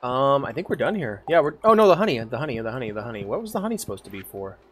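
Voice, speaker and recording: A man's voice: medium pitch, sing-song, very fast, a bit bright, breathy edge. A man streaming a farming game, chatting casually, humming to himself, reading lines aloud and swearing freely. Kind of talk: casual gameplay commentary.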